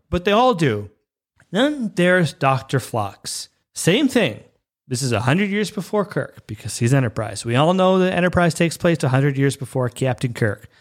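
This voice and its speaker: A man giving casual fan commentary, ranting passionately and with exasperation. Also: on the high side.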